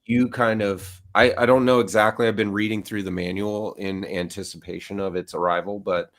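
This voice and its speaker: A man's voice: lowish voice, little pitch movement, moderate pace. A middle-aged man co-hosting a live stream, chatting casually with lots of fillers. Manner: rambling, filler-heavy. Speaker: co-host. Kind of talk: casual chat.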